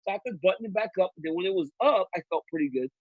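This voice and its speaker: A man, a guest telling animated stories in casual chat and laughing often. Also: sits high, very fast, no room sound. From Louisiana. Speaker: guest analyst. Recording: dull, lo-fi remote feed.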